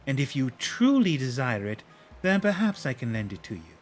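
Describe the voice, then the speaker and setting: A man's voice: mid-range voice, sing-song, soft background music, natural voice. A man reading as a regal young female chief. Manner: formal, measured.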